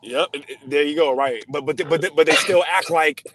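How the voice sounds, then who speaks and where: A man's voice: a little high, moderate pace, fairly bright tone. A man from Los Angeles hosting a casual chat, rambling and profane, with lots of fillers. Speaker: podcast host.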